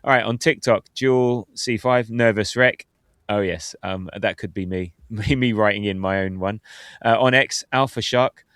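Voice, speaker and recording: A low-pitched man in his fifties talks football on a podcast in a loose, chatty way, laughing easily as he goes. His voice sits close and dry, with no room sound around it. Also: moderate pace, a bit bright, clear, resonant tone, no echo. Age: 50s. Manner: chatty, laughs often, reads out listener comments. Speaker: podcast host. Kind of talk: casual football podcast chat.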